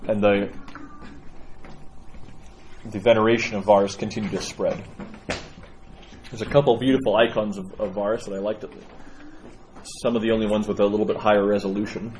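A middle-aged man leads a storytelling lesson and retells a saint's legend in an animated way, with many fillers. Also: fairly low pitch, slight background noise. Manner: animated, with frequent fillers and restarts. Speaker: religious teacher.

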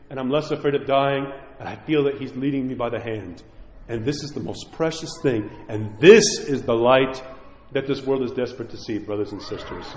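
Impassioned high-voiced priest in echoey hall. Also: male voice. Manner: impassioned, pleading, acts out quoted voices. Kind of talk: sermon.

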